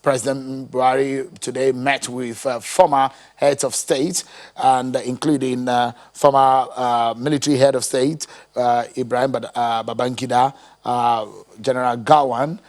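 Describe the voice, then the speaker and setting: Nigerian-studio TV anchor man, measured delivery. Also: mid-range voice, little pitch movement. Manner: measured, with frequent "uh" fillers. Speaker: news anchor. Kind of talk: live TV news presenting.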